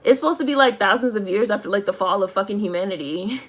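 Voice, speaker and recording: A woman's voice: mid-range voice, quick pace, hardly any pauses, a bit bright. A woman casually ranting to her stream chat about a movie, swearing, laughing and saying "like" constantly. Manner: profane, exasperated, laughs while ranting; heavy use of "like". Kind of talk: casual rant to a live chat.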